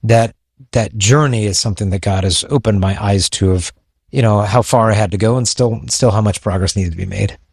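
A man's voice: lowish voice, a little fast, a little mellow, husky, no echo, clean studio sound. Earnest man on a faith podcast. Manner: earnest, reflective, with frequent restarts. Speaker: podcast co-host. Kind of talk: faith-based podcast conversation.

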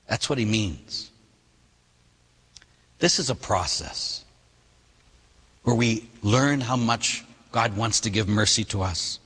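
A man, a priest, preaching a sermon with lively storytelling, acting out quoted voices and laughing at himself. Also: medium pitch, measured pace, slightly rough, big-room sound.

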